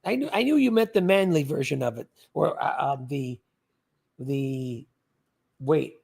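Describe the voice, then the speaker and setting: A man's voice: a little high, animated, unhurried, creaky, a little mellow, slightly rough. An older man hosting a livestream, chatting casually and rambling as he reads out viewer comments. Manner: chatty, rambling, repeats words. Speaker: livestream host.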